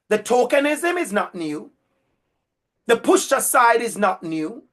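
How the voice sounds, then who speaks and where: Man with a Jamaican accent, lecturer, emphatic and repetitive, voice sits fairly high. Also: a bit bright. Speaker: university lecturer. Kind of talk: lecture to a teacher cohort.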